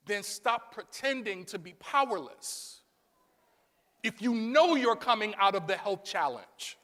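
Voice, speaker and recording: High-voiced preacher man in echoey hall. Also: lively intonation, a little slow. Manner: call-and-response preaching, rising to shouts. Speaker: pastor. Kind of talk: sermon. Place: church sanctuary.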